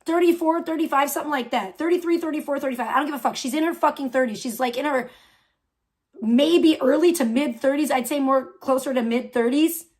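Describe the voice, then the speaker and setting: High-voiced woman in a profane rant. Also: a little fast. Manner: loud, profane, scornful ranting. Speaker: livestream host.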